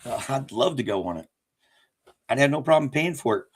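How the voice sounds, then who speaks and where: A man's voice: medium pitch, lively intonation, a little fast, slightly rough. A man with a Southern accent hosting a casual livestream, rambling and chuckling as he corrects himself mid-sentence. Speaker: livestream host. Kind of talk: casual live chat.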